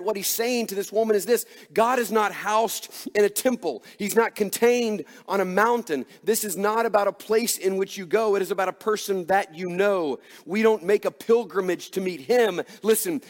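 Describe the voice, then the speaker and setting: A man's voice: high voice, big-room sound. A man preaching a sermon as pastor, earnest and emphatic, asking his listeners rhetorical questions.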